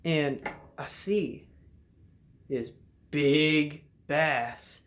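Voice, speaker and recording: A young man casually telling a fishing story to the camera from his messy room at home, in a laid-back drawl with loud shouted bursts as he acts it out. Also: a little high, extremely slow.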